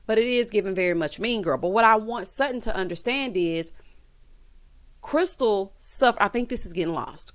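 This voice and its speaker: A woman giving casual, sassy recap commentary on a reality TV episode, calling viewers honey and y'all. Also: a little high. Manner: sassy, animated, quotes others in voices.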